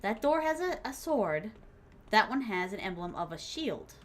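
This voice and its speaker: A young woman streaming a horror game, giving excitable live commentary and talking to herself and her chat as she plays. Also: mid-range voice, moderate pace, slight background noise. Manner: excitable, talks to herself and chat while playing.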